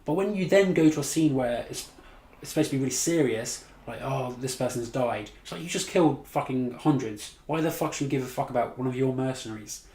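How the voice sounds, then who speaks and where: A man's voice: medium pitch, fast talker, a little mellow. A man giving a casual movie review, blunt and sweary, mocking what he disliked. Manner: blunt, sweary, exasperated, laughs at his own mockery. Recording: echoey room.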